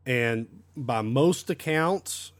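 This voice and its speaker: A man's voice: medium pitch, animated, extremely slow. A man teaching an unscripted Bible lesson, talking with frequent fillers and repeated words.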